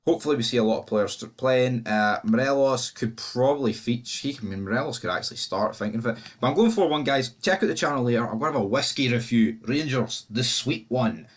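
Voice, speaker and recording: A man's voice: mid-range voice, expressive, fast talker, few pauses. A Scottish man hosts his own football fan channel, talking loosely and bluntly as he previews a match. His speech rambles and is full of swearing and restarts. He has an everyday mid-range male voice. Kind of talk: casual match preview chat.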